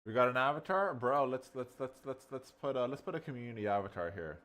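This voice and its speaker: Rambling, excitable man reviewing software. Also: mid-range voice, quick pace. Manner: rambling, excitable, swears, calls the viewer bro. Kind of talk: casual screen-recording review.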